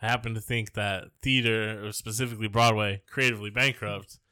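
A man's voice: fairly low pitch, steady tone, brisk, pushed and bright, smooth, dry recording, clean studio sound. A man co-hosting a podcast, talking in a crude, rambling, jokey way. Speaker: podcast co-host. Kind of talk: casual comedic chat.

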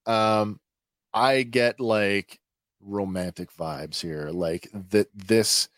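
Male podcast host, lowish voice, dry close sound, halting casual recap full of fillers. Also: steady tone, a bit bright, no echo. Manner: hesitant, many filler sounds, chatty.

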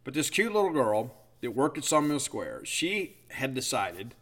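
A man's voice: medium pitch, very animated, unhurried, fairly bright tone. A man in his fifties hosting a podcast, telling a rambling, self-deprecating story full of fillers. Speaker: podcast host. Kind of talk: casual storytelling monologue.

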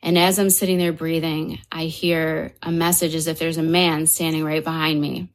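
A woman guest telling a personal story, acting out quoted dialogue in an animated way, with frequent restarts. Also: deep voice, moderate pace.

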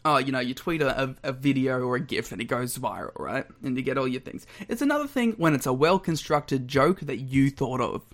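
A young man co-hosting a podcast in casual banter, laughing often and throwing in quick asides. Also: mid-range voice, expressive. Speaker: podcast co-host.

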